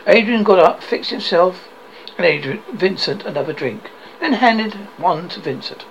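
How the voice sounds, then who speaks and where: A man's voice: high voice, animated, moderate pace, gravelly, slight background noise, poor audio. A man reading an extract from his own book aloud, telling the story steadily with occasional slips. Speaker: author and narrator.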